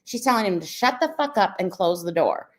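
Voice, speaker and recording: A woman's voice: medium pitch, expressive, fairly quick. A woman hosting casual reaction commentary, chatty and explaining, with many fillers. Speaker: commentary host.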